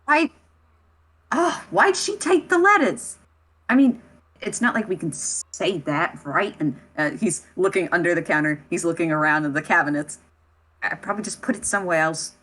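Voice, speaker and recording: A woman narrating as game master of a tabletop role-play, halting and full of fillers. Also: low voice, fairly bright tone.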